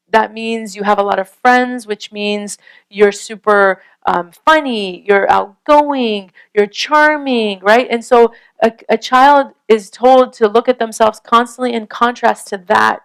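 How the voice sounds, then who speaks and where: A woman's voice: on the high side, smooth, rough recording. A woman giving an earnest, conversational talk on parenting and faith, often checking in with her listeners with a rhetorical question. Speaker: Islamic parenting speaker. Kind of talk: casual lecture.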